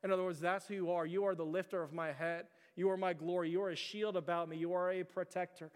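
Male pastor, earnest sermon, high smooth voice, long hall reverb. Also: level tone, fast. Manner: earnest, repetitive preaching with restarts.

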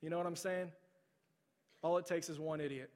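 A middle-aged male pastor preaching a sermon. He tells a story, then pleads softly with repeated phrases. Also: fairly high pitch, fairly even intonation, brisk. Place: large church sanctuary. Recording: long hall reverb.

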